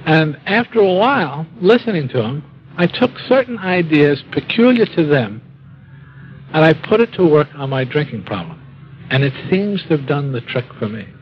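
A man telling a personal story in a wry, dry-humored way, with halting restarts. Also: fairly high pitch, very animated, muffled recording. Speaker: speaker telling his life story. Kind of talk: storytelling talk.

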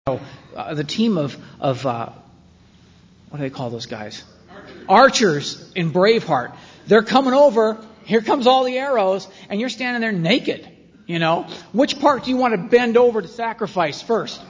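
A man's voice: a little high, breathy edge. Man rambling through a sardonic testimony. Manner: rambling, sardonic storytelling with self-mocking asides. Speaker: speaker sharing his story at a recovery meeting. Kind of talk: personal testimony talk. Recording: dull lo-fi sound with long hall reverb and faint hiss.

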